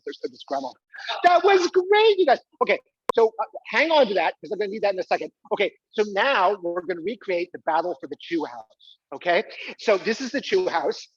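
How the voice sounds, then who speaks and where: An exuberant man performs a comic monologue on a small stage. He coaxes the crowd to join in and squeals with delight. His voice is husky and dry, and the live recording sounds dull and muffled. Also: high-pitched, no room sound. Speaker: solo performer.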